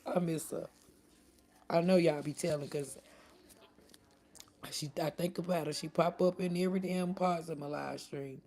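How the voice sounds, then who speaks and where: A woman's voice: low-pitched, steady tone, moderate pace, long pauses, a little mellow. A woman chatting casually on her live stream, laughing often and answering her chat.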